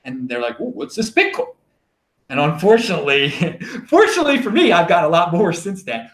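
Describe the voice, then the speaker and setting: A man with a Baltimore accent rambles through his stories in a casual solo show. His fairly high voice swoops up and down a lot, and the room around him rings with echo. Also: a little fast. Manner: rambling, animated storytelling. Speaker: show host. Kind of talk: casual monologue.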